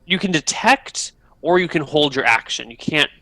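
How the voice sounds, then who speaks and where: A man's voice: a little high, animated, normal speed, pushed and bright, dry recording, rough recording. A man narrating as dungeon master, patiently explaining rules step by step. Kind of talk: narrating a tabletop game.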